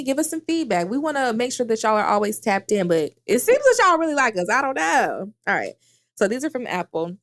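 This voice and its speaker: Woman podcast co-host, casual, playful, slangy, mid-pitched voice. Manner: playful, laughs often, slangy.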